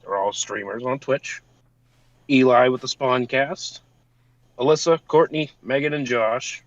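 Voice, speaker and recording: A man's voice: mid-range voice, unhurried, no echo. Male podcast co-host, casual and profane, slightly muffled dry recording. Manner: swears casually, reads off a thank-you list.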